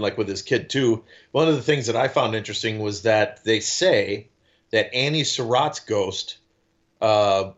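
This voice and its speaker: On a casual podcast, a male co-host with a mid-range voice tells stories with real animation, acting out the quotes as he goes. The recording sounds muffled.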